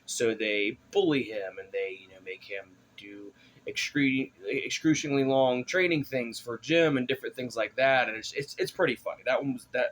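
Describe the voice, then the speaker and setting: A man's voice: mid-range voice, normal speed, a bit bright. A man giving a casual spoken movie review, rambling with many fillers and restarts.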